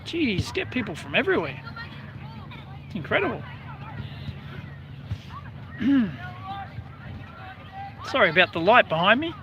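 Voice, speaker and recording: A man's voice: high-pitched, big pitch swings, unhurried, pauses often, a crowd in the background, background noise. An Australian man hosting a casual outdoor live stream, chatting and greeting viewers by name in a rambling way. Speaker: livestream host.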